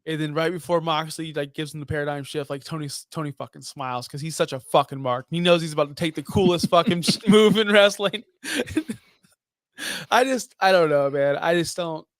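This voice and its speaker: A man's voice: a little high, normal speed, dry recording, clean studio sound. A young man co-hosting a casual wrestling podcast, blunt, profane and full of strong opinions. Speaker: podcast co-host.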